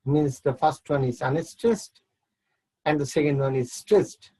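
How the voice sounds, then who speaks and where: A man's voice: fairly high pitch, fairly even intonation, unhurried, warm tone, breathy edge, low-quality recording. A man teaching an online English literature class, explaining step by step and repeating words as he counts syllables.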